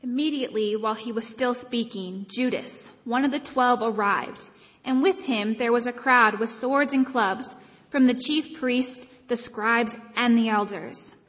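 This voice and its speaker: A woman calmly reading a Gospel passage aloud in church at an unhurried pace. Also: fairly high pitch. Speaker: scripture reader. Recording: long echo in a large church.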